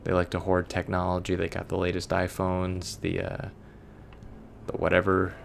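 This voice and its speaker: A man from Florida talks over a video game in a rambling, sarcastic way, drifting into side stories. His voice sits low and has a gravelly fry, with a faint hiss behind it. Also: completely flat delivery, moderate pace. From Florida, USA. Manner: rambling, sarcastic, digressive storytelling. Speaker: let's play commentator. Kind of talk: casual gameplay commentary.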